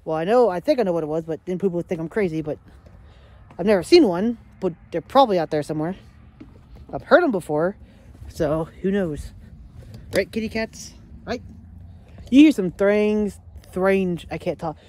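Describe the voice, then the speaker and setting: A woman vlogging casually at home, rambling excitedly and chatting to her pets. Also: fairly low pitch, moderate pace, long pauses. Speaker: daily vlogger. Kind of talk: casual rambling vlog chat. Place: at home, yard and indoors.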